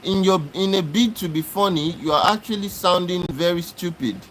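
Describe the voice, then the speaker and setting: A man with a high-pitched, fairly bright voice runs a live stream, answering chat comments by arguing with them. He lectures in a repetitive, exasperated way at a moderate pace, and the rough recording carries a little hiss or hum.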